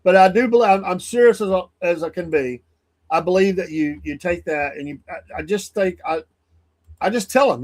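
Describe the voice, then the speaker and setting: A man's voice: high voice, moderate pace, darkish tone. A man with a somewhat raised voice hosts a morning show and talks straight into a studio mic. He is blunt and heated, rambles, and often restarts his sentences. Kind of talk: opinionated solo commentary.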